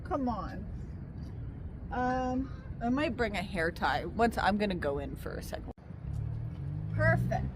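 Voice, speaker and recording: A young woman chats candidly to a tripod-mounted camera about living in a camper van, speaking in and around the parked vehicle. Her medium-pitched voice is very animated yet a little slow, with long pauses, frequent fillers and asides, and noise in the background.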